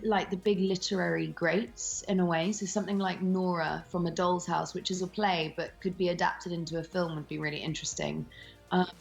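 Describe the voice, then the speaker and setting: A woman's voice: fairly low pitch, creaky, lo-fi sound. A woman in her thirties, an actress talking candidly in an interview, frank and swearing freely between ums. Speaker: actress and voice actor guest.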